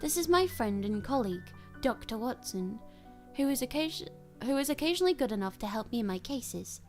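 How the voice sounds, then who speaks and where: Lady reading a cool detective guy, brisk and assured, bit high, soft music under. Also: lively intonation, lightly acted. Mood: dry. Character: cool, commanding male detective.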